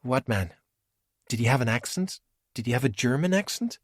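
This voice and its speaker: A man's voice: medium pitch, lively intonation, normal speed, husky, no echo, pitched above the performer's own voice. A man reading aloud and voicing a bold, sarcastic young woman in a storybook, with dry, wisecracking talk.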